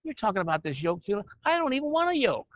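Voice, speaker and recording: A man doing a high whiny stubborn ox. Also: sing-song, quick pace, dry recording. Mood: indignant. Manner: indignant, complaining. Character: stubborn rebellious male ox. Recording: muffled lo-fi recording.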